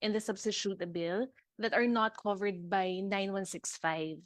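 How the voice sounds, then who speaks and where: A woman's voice: mid-range voice, measured pace, dry recording. Hesitant Filipino woman testifying. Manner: hesitant, with repeated restarts. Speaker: government department representative. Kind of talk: formal testimony at a hearing.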